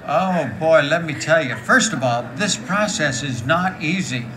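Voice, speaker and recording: A woman in her late sixties with a deep, raspy voice, talking frankly to a live audience and telling stories with jokes. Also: a little slow, background noise. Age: 60s. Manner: frank, joking, animated storytelling. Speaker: guest speaker. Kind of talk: candid live talk with audience.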